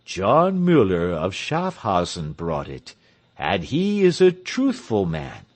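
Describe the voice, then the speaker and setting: Male narrator as a grave village pastor, measured and slow. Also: fairly low pitch, huge pitch swings, darkish tone, pitched below the performer's own voice, exaggerated voice.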